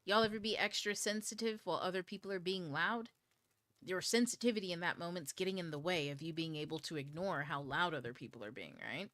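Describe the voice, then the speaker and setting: A woman's voice: on the low side, a little fast, a bit bright, dry recording. A woman hosting a book club livestream, chatting casually to her viewers, swearing freely and laughing as she rambles. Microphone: camera mic on a DSLR.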